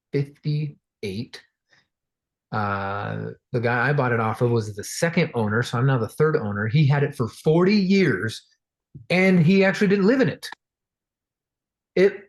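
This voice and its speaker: Animated storytelling man teaching real estate. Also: medium pitch. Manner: animated, acts out quoted voices; conversational with fillers and restarts. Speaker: real estate investing trainer. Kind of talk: casual storytelling lesson.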